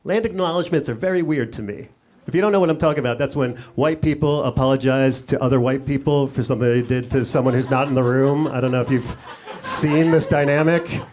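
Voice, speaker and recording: A man's voice: mid-range voice, fast, a little mellow. A middle-aged man doing a sarcastic stand-up set on a comedy club stage, talking into a handheld mic. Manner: sarcastic, riffing. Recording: noisy live club recording.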